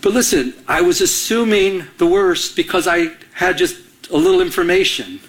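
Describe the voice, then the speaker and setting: A middle-aged man from Michigan preaching a sermon, telling a personal story with lively acted-out quotes and sudden jumps in pitch. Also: normal speed. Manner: animated storytelling, acts out his own quoted lines with big pitch jumps. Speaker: pastor.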